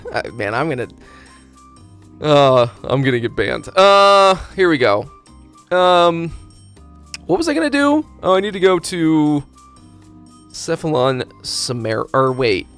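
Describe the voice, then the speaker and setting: A man live-streaming a game, ranting loudly with heavy swearing, then dropping into muttering. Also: a little high, takes it slowly, pauses often, smooth, faint music behind. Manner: loud profane ranting; animated, swings from loud to muttering. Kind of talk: casual live-stream chat.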